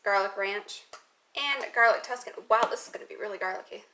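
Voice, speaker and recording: Her voice is mid-range, pushed, and bright, and she talks briskly. A young woman demonstrating a recipe in her own kitchen, she chats casually, wanders off on tangents, and mocks herself. The audio picks up lots of kitchen noise.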